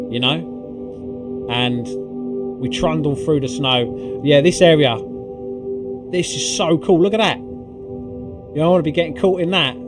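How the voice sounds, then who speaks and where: A man recapping a video game climb in casual commentary, swearing often and full of fillers. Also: medium pitch. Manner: excitable and profane, swearing freely with lots of fillers. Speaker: gaming video creator. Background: background music.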